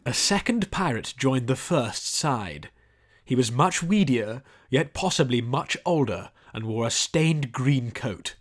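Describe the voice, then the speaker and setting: A man narrating a storybook audiobook in a lively, descriptive way. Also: mid-range voice, measured pace.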